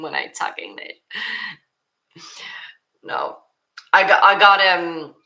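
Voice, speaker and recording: A woman's voice: on the low side, pushed and bright. A woman streamer, chatting casually and reading viewer questions aloud, often restarting her sentences. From Sweden. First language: Swedish. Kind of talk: casual livestream Q&A.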